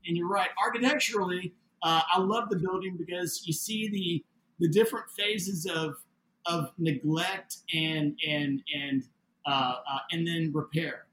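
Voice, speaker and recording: Man, high bright voice, lively storyteller acting out the dialogue; roomy sound, faint ambience. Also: a little slow. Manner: animated, acts out quoted dialogue. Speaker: interview guest, building owner. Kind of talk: casual spoken storytelling.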